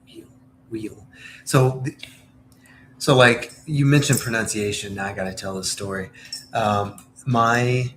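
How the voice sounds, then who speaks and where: A man's voice: fairly low pitch, unhurried, long pauses, fairly bright tone, a little hiss or hum. Rambling chatty man from Southern Indiana. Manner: rambling, chatty, jumps between topics. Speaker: livestream host. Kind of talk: casual chat while baking on stream.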